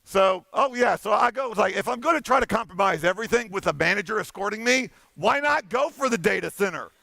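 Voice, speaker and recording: A man on a conference stage tells a story, animated and playful, slipping into the voices of the people in it. His voice sits high and bright with a gravelly edge. The sound is dry and close. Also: a little fast, no echo. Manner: animated, playful, acts out dialogue. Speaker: conference keynote speaker.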